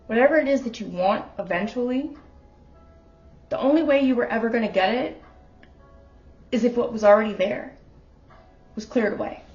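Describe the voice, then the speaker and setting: A woman's voice: a little high, normal speed, pauses often, darkish tone, highs cut off, soft background music. A woman giving a casual tarot reading at home, talking straight to the viewer in an earnest, emotional way. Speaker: tarot reader. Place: her apartment.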